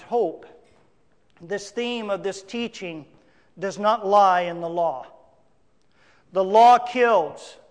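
High-voiced preacher man in a hall. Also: fairly bright tone. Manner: emphatic preaching with dramatic swings in volume. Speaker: pastor. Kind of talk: sermon.

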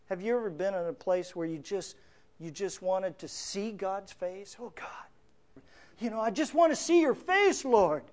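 A man preaching a sermon, reading scripture verse by verse and explaining it, swelling louder on emotional lines and dropping softly on quiet ones. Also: sits high. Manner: earnest, reads scripture aloud and explains it verse by verse. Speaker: pastor.

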